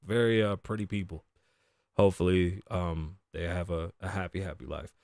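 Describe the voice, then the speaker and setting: A man's voice: sits low, steady tone, normal speed, vocal fry, a little mellow, no room sound. A man in his thirties hosting a casual solo talk show, cursing freely, joking, laughing often and dropping in Spanish phrases. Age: 30s. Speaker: podcast host.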